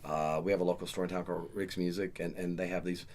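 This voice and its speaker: Low-voiced Southern man hosting a chat. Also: quick pace. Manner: animated, joking, acts out stories. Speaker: podcast host and karaoke KJ. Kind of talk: casual chat.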